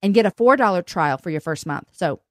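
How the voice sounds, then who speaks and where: A woman hosting a casual chat, telling a story in an animated, flustered way, often laughing. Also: on the low side, fairly quick, dry recording, studio quality. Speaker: podcast host. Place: log cabin home in the country.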